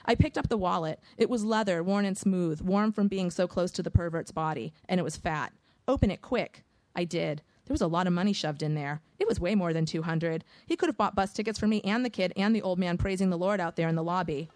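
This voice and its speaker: A woman reading a first-person audiobook in a measured, vivid storytelling manner. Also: on the low side, a little mellow, no echo. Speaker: audiobook narrator.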